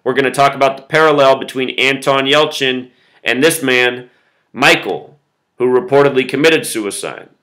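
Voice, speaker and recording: A man talks straight to the camera in a bright, forceful voice. He lays out his number patterns insistently, one point after the next, at a middling pitch for a man. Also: normal speed, low-quality recording. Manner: insistent, explains with numbers, quotes song lyrics. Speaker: conspiracy video host. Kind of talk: solo monologue video.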